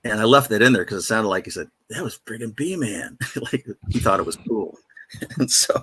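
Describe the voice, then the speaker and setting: A man's voice: fairly low pitch, expressive, normal speed, a bit bright, slight background noise. A man, a veteran radio DJ, casually telling rambling, self-deprecating stories in a studio interview. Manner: rambling, self-deprecating anecdotes with many fillers. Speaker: radio DJ guest.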